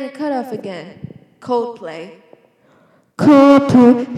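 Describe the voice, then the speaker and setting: A woman's voice: a little high, a little mellow. Rambling Australian young woman, echoey room. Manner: giggly, scattered, self-interrupting. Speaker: vlogger. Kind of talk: rambling casual monologue. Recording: echoey room with long reverb.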